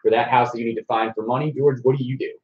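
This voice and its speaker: A man's voice: medium pitch, fairly even intonation, rapid-fire. A man hosting a casual webcast, explaining things in a laid-back way. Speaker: host. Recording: roomy, dull webcast audio.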